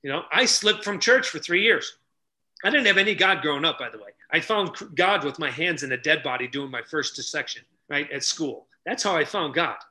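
An energetic middle-aged man telling stories as a podcast guest, acting out the people he quotes. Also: fairly high pitch, brisk. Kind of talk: animated storytelling.

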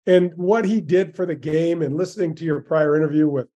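Folksy sixties male guest, warm dark timbre, slightly high voice, eager anecdotes. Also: fairly quick. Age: 60s. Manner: folksy and enthusiastic, many restarts. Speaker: guest, former tour golfer. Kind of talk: storytelling interview.

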